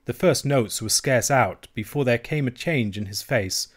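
A man narrating a classic novel as an audiobook reader, with steady, measured reading. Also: mid-range voice. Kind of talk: scripted narration.

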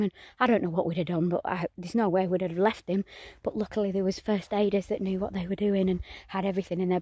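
A woman's voice: mid-range voice, mellow. A middle-aged woman vlogging outdoors on a countryside walk, chatty and emotional, rambling with restarts and a little out of breath. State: a bit out of breath. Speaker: family vlogger. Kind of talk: casual vlog narration.

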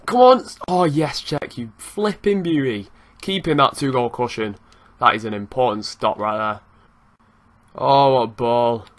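A young man giving lively, excitable commentary over his own football video game match, swearing now and then and breaking into laughter. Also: medium pitch, measured pace. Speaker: gaming youtuber. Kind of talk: live gameplay commentary.

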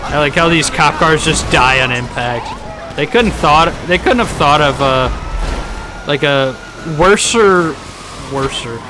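A man live streaming a video game, chatting casually, rambling and joking with sudden loud outbursts. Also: fairly high pitch, unhurried, background noise.

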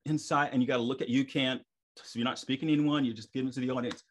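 A middle-aged man, a stage performer guest on a podcast, telling stories in a lively way and acting out his own thoughts. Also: mid-range voice, racing, slight background noise. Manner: animated, acts out his own inner thoughts. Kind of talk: casual storytelling interview.

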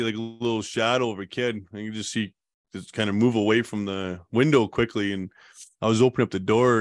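A man's voice: lowish voice, no echo, studio quality. A man in a casual interview, telling a long story in a rambling way and laughing now and then. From Canada. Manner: rambling, laughs while recounting. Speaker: guest telling his survival story.

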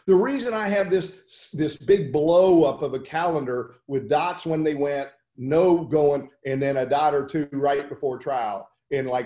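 Animated man with a slightly high voice. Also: roomy sound. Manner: animated, storytelling with rhetorical questions. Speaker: trial lawyer coach. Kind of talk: webinar talk.

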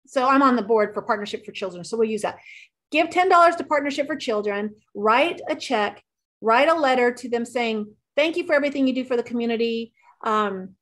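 A middle-aged woman with a fairly high voice talks in a chatty, upbeat way. She is a real estate agent sharing marketing tips as a guest, and she acts out the things her clients say. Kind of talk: casual talk giving marketing tips.

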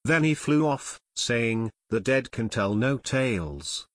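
A man voicing a nervous, haggard chief pilot who speaks in a hushed, quavering, pleading way. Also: mid-range voice, expressive, slow, no echo, clean studio sound. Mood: tense.

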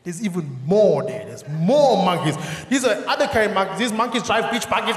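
Lively South African man doing stand-up. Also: high voice, fairly quick, few pauses. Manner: animated, acts out shouting characters, laughs at own jokes. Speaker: stand-up comedian. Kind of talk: stand-up comedy. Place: large theatre stage. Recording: roomy live theatre sound with audience.

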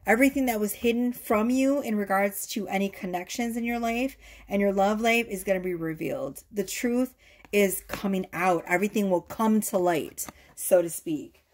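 A woman giving a casual tarot reading to camera, gushing and excitable, swearing freely as she talks. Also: mid-range voice, normal speed. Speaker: tarot reader.

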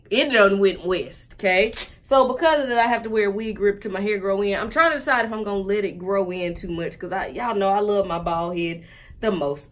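A woman chatting casually and joking straight to viewers while reviewing a wig for her vlog. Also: mid-range voice.

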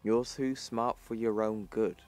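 A man reading out the lines of a stern woman conqueror from the future in a comic recap, in a flat reading voice. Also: lowish voice, unhurried, faint music behind, close to an everyday voice. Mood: grim.

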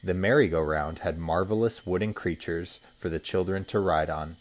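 A man, a teacher, reading a children's story aloud with expressive storytelling. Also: low-pitched, moderate pace.

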